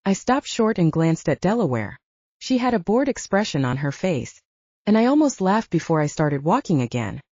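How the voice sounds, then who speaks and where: Woman narrating an audiobook, low and mellow. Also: moderate pace, no echo. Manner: first-person, steady reading. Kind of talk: scripted narration. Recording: dry, dull lo-fi sound.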